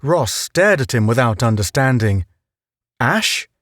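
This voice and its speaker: A man reads a novel aloud in a measured, even storytelling manner. His pace is slow and his pitch sits in the middle range. The recording is close and dry. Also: no room sound. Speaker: audiobook narrator. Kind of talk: scripted narration.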